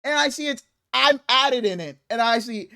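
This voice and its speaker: A man's voice: extremely high pitch, expressive, moderate pace, creaky, sharp tone, no echo. A man co-hosting a casual sports podcast, telling a story with lots of laughter and swearing. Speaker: podcast co-host.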